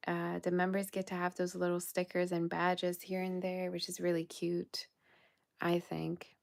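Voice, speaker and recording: Casting: tired woman host, low flat gravelly voice, soft-spoken and affectionate, slips into whispers, late-night livestream chat. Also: normal speed. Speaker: tarot reader hosting a livestream. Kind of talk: casual livestream sign-off chat.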